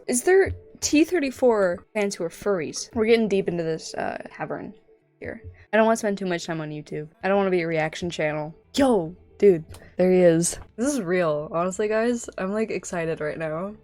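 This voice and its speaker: A young woman giving excitable reaction commentary as a YouTuber, giddy and rambling, often squealing and laughing. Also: medium pitch. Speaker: YouTuber reacting to fan videos.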